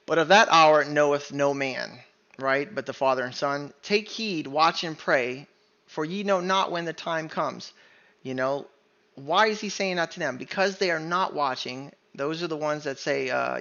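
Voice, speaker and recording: A man's voice: a little high, a little slow, creaky, pushed and bright, lo-fi sound. A man teaching a Bible study sermon in an emphatic way, often stopping to ask "right?". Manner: emphatic, keeps asking "right?".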